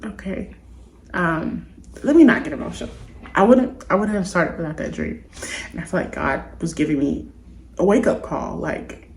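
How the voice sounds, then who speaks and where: A woman vlogger with a fairly low voice tells a personal story straight to the camera. She talks in an earnest, confiding, meandering way. The sound bounces around an echoey room. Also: big pitch swings, normal speed, pauses often, darkish tone.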